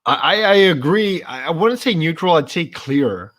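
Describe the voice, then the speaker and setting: A man's voice: a little high, lively intonation, normal speed, fairly bright tone. A man in a loose, tipsy chat on a live stream. He jokes and swears his way through the talk with easy, crude banter. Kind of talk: casual chat.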